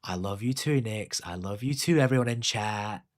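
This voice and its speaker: A man's voice: fairly low pitch, normal speed. Male stream host, loose rambling chat, frequent profanity. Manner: swearing, rambling, reads chat aloud. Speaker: livestream host. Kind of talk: casual livestream chat.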